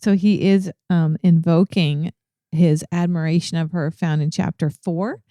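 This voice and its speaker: Low, mellow woman discussing scripture. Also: steady tone, measured pace, dry recording, studio quality. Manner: thoughtful, searching for words with frequent ums. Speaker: co-host of a ministry podcast. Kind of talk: casual Bible study discussion.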